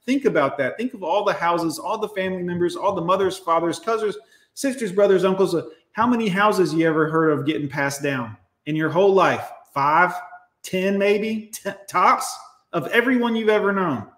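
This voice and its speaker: A man hosting a livestream pours out a blunt, profane rant. He talks straight to his viewers with hard emphasis. His voice sits a touch higher than most men's, and the room around him echoes. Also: moderate pace, a bit bright. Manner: addresses viewers directly. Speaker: livestream host. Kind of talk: ranting livestream commentary.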